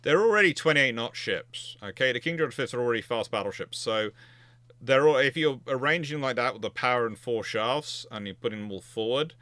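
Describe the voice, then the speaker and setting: A man's voice: medium pitch, lively intonation, brisk, bright, forceful tone, dry recording. A man hosting a naval history livestream, answering viewer questions in a chatty, emphatic way, thinking aloud with frequent restarts. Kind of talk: casual livestream Q&A.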